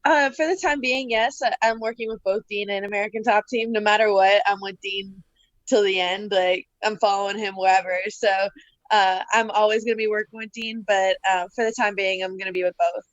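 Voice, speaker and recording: A woman's voice: mid-range voice, steady tone, a little fast, no room sound, muffled recording. A woman in her twenties, a guest fighter, chatting casually on a video call from bed, laughing often. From Canada, grew up in Florida. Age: 20s. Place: in bed at home.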